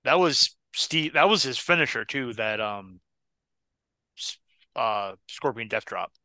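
Male podcast host, gravelly and bright, dry close mic, jokey arguer. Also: medium pitch, lively intonation, a little slow, no echo. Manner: argumentative, joking, breaks into laughter. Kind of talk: casual watchalong chat.

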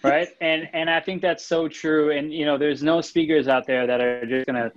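Animated man co-hosting a podcast. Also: fairly high pitch, moderate pace, dull audio. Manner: animated, restarts phrases, reads listener comments. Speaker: podcast co-host. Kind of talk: casual podcast chat.

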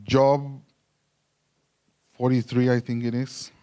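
A man's voice: medium pitch, flat delivery, takes it slowly, dark tone. A man preaching a sermon in English. He often restarts his phrases and searches for words.

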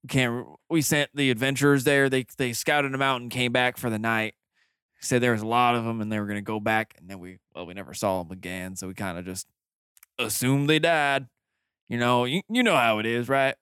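A man with a gravelly voice running a tabletop game as game master, often slipping into an old villager. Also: medium pitch, fairly even intonation, brisk, a bit bright, no room sound, studio quality.

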